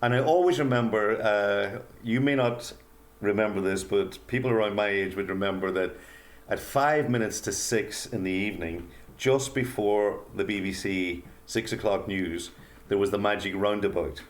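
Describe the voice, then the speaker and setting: An older man, a guest author, telling a personal story in an earnest, halting way with many pauses and fillers. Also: on the low side. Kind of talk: reflective storytelling interview.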